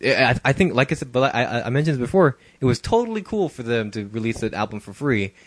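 A man's voice: mid-range voice, lively intonation, quick pace, no room sound. Laughing man co-hosting a podcast. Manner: laughs often, loose and joking. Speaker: podcast co-host. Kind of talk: casual chat.

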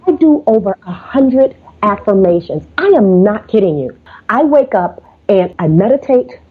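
A woman speaks as a podcast guest, mid-pitched, telling her story with lively energy. She acts out her phone calls, slipping into quoted voices. Her voice comes through a narrow, phone-like call line. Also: moderate pace, husky. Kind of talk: casual interview storytelling. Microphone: remote call.

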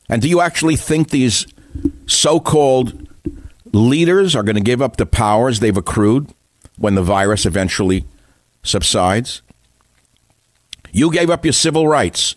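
A man's voice: medium pitch, dry recording, studio quality. A man hosting a radio talk show, delivering an indignant monologue full of rhetorical questions.

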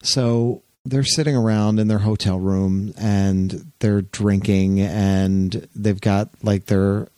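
A man hosting a podcast, chatting casually and retelling an anecdote with lively jumps into quoted voices. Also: slow pace, few pauses, no room sound. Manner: animated storyteller, jumps up in pitch for quoted voices. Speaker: podcast host.

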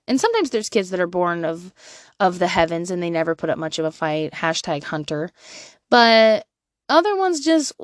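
In a candid monologue, a thirty-something mom dishes out blunt, foul-mouthed parenting advice. She laughs a lot and shifts between hushed asides and loud outbursts. Her voice sits on the low side, recorded cleanly in a studio with no room sound.

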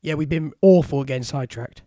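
A man co-hosting a podcast in casual chat, chatty and jokey, quick to argue a point. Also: a little high, mellow, no room sound, clean studio sound, soft background music. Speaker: podcast co-host.

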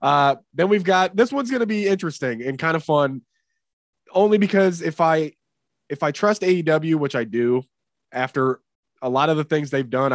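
A man's voice: a little high, no room sound. A man hosting a podcast in casual chat, rambling and cursing with many fillers. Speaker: podcast host.

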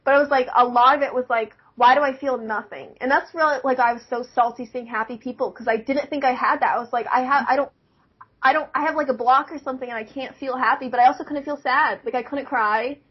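A woman's voice: high-pitched, steady tone, quick pace, husky. A young woman chatting casually, laughing often and filling her talk with "like". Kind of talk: casual chat. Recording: dull lo-fi recording.

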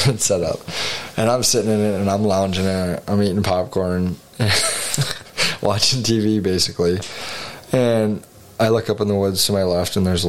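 A man co-hosting a podcast, rambling through a hunting story in casual chat with frequent swearing. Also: low voice. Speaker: podcast co-host.

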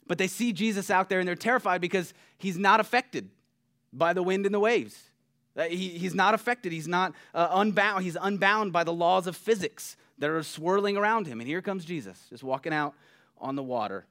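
A pastor preaching a sermon in a conversational, animated way, often checking in with the listeners. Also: male voice, high-pitched, normal speed. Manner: conversational, animated, keeps asking "right?".

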